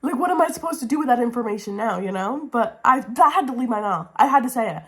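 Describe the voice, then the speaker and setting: A young woman book vlogger talking to her camera at home in a casual reading wrap-up, gushing and excitable, swearing casually and repeating herself. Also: on the high side, fast. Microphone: camera mic, talking to camera.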